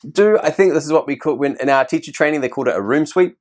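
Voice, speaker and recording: A man's voice: fairly high pitch, lively intonation, fast. A man, a teacher giving classroom tips to camera in a chatty, self-deprecating way. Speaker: teacher and video host.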